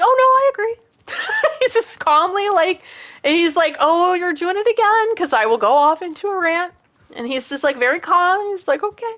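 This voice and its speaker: A woman in her late thirties talks to her stream chat in a loose, rambling way. Her voice sits a little higher than most women's and swoops around a lot. She laughs easily and wanders off into rants. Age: late 30s. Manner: rambling, animated, laughs often, goes off on rants.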